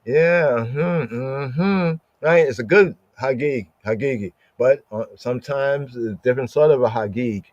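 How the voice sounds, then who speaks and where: A man's voice: mid-range voice, moderate pace, few pauses, a little mellow, no echo. Man teaching scripture, dull dry sound. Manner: repeats Hebrew words, acts out inner muttering. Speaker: Bible teacher. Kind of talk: morning Torah and Psalm teaching.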